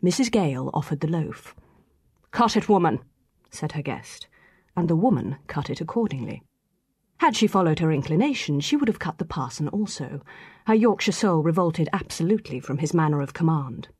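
Lowish-voiced woman reading a classic novel. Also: animated, a little fast, darkish tone, husky, no room sound, clean studio sound. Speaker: audiobook narrator.

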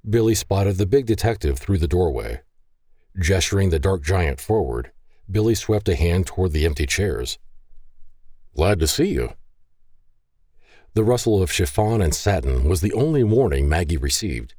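A man narrating a novel in a very deep voice. His delivery swings widely in pitch and stays expressive. The sound is close and dry, with no room. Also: moderate pace, no echo. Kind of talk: scripted audiobook narration.

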